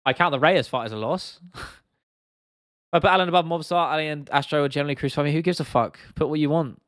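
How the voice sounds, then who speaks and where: A man's voice: a little high, quick pace, a bit bright, dry recording, clean studio sound. A young man from England hosting a casual livestream, talking bluntly and swearing freely while reacting to viewer comments. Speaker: livestream host.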